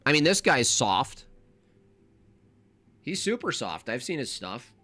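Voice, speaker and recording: A man's voice: medium pitch, big pitch swings, slow, sharp tone, no room sound. A man hosting a live reaction stream, arguing combatively and mocking his opponents, sometimes mimicking them in silly voices.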